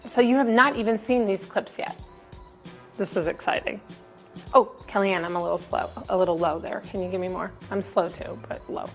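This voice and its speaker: A woman's voice: mid-range voice, fairly even intonation, normal speed, soft background music. A woman hosting a comedy show with wry, self-deprecating banter. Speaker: host.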